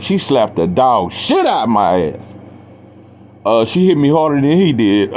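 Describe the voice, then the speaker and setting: A man's voice: medium pitch, a little hiss or hum. A young man casually telling a profane story, acting out the quotes in a raised voice. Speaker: storyteller guest.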